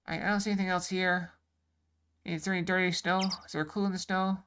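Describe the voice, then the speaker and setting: A woman's voice: lowish voice, level tone, quick pace, noisy background. A woman streamer giving casual, rambling commentary while playing a game live. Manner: chatty, rambling. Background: game music.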